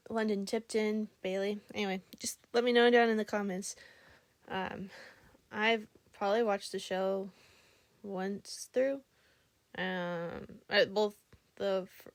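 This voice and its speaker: A woman's voice: medium pitch, no room sound. A young adult woman vlogging casually, telling stories in a rambling, chatty way full of fillers and giggles. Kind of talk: casual storytelling vlog.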